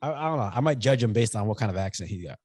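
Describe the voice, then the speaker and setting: A man co-hosting a podcast, talking about a movie in a casual chat, playful and animated. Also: fairly low pitch, racing, no echo, studio quality. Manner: animated, playful, acts out silly voices. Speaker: podcast co-host.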